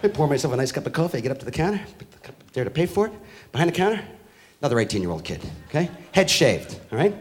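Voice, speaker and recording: Male stand-up comic, high lively voice, profane rant that builds to shouts, live stage recording with faint crowd and noise. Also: racing. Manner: profane ranting with rising shouted outbursts. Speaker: stand-up comedian. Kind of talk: stand-up comedy routine. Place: live comedy venue with an audience.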